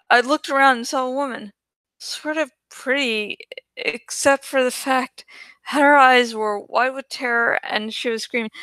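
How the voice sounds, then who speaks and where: A woman's voice: sits high, pushed and bright, no room sound. A woman reading a novel aloud and commenting on it, often stumbling and restarting her sentences. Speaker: book reader.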